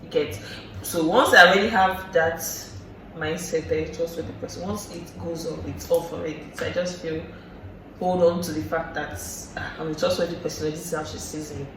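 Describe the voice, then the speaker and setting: A man's voice: fairly high pitch, fairly even intonation, fairly quick. Earnest young Nigerian man in an echoey room. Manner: earnest, repeats points in lists. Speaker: guest. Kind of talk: casual chat. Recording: very echoey room, voice from far off, noisy background.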